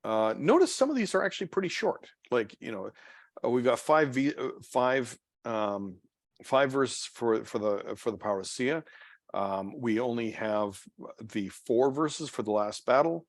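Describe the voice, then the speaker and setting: A man's voice: medium pitch, expressive, a little slow, dry recording, clean studio sound. A man leading a church Bible study, talking off the cuff with many fillers, restarts and trailing phrases. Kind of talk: unscripted Bible study talk. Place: church meeting room.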